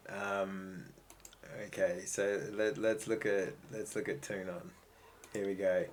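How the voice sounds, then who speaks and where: A man casually commenting on a video game he plays, chatty, excitable and swearing often. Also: on the low side, takes it slowly, a little hiss or hum. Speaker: let's play host. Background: game music.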